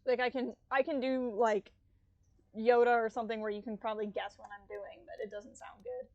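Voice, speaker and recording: A young woman commenting on a game stream, with a slightly high voice and a loose, giggly delivery. She mixes reading game dialogue with rambling asides into her desk mic. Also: little pitch movement, fairly quick, dry recording, lo-fi sound. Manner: chatty, giggly, reads game text aloud.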